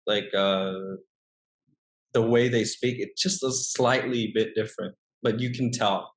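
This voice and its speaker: A young man from northern Vietnam with a Vietnamese accent, chatting as an interview guest, often pausing and restarting his sentences. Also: lowish voice, fairly even intonation. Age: young adult. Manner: hesitant, many restarts and fillers. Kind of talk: casual interview chat.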